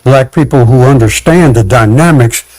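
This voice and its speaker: A man talking as a guest in casual chat, animated, acting out quotes and laughing, with many restarts. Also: mid-range voice, normal speed, no room sound, poor audio.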